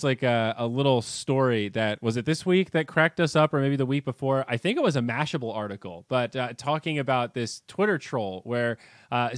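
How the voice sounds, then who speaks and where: A man co-hosting a podcast in casual chat, animated, laughing often and putting on mocking voices for quotes. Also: mid-range voice, no echo, studio quality. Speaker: podcast co-host.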